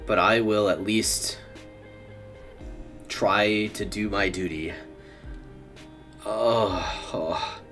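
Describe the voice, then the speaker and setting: A young streamer with a fairly low, steady, slightly bright voice gives casual live gameplay commentary, extremely slowly with long pauses. He mutters to himself and chuckles often, faint music behind him.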